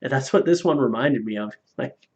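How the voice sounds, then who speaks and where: A man's voice: mid-range voice, lively intonation, moderate pace, darkish tone. A man on a casual live stream reading viewer donations aloud, loose and profane, laughing at his own jokes. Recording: slightly dull lo-fi stream audio.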